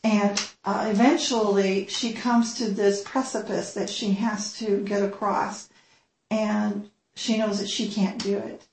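A woman speaks earnestly to a church gathering in a personal storytelling style. Her voice has a gravelly fry at a middling pitch. The room adds a noticeable echo. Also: little pitch movement, slow, darkish tone.

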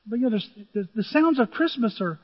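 A man's voice: very high voice, expressive, brisk, slightly rough. An older man preaching a sermon as pastor, speaking conversationally and acting out dialogue from the stories he tells. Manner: conversational storytelling, acts out biblical dialogue. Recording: dull audio with long hall reverb.

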